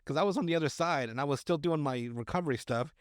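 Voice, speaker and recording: A man's voice: on the high side, fast talker, no echo, clean studio sound. A man hosting a podcast, telling a story in casual, crude chat full of fillers and restarts. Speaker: podcast host.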